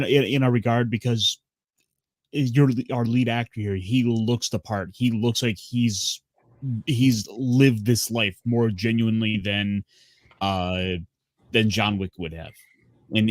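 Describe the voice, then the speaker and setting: A man's voice: medium pitch, measured pace, dry recording. Hesitant man, dry close sound. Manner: hesitant, repeats words as he starts. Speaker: podcast co-host. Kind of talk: casual movie review chat.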